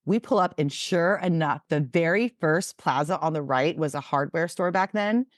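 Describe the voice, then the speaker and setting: A woman in her forties with a low voice tells stories on a podcast, acting out each quote with animated energy. The sound is dry and close to the mic. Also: normal speed, no echo. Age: 40s. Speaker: podcast co-host. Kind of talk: casual storytelling chat.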